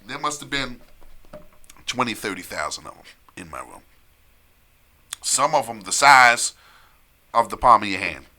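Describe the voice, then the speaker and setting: A man telling a long story in casual chat on a live stream, animated, repeating phrases and laughing often. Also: medium pitch, unhurried, long pauses.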